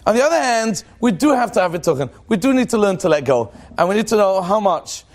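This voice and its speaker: Animated, high-voiced rabbi teaching. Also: male voice, fast. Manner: animated and joking, acts out quoted thoughts in a dramatic voice; asks the audience questions and answers them. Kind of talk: lively religious talk to a live audience.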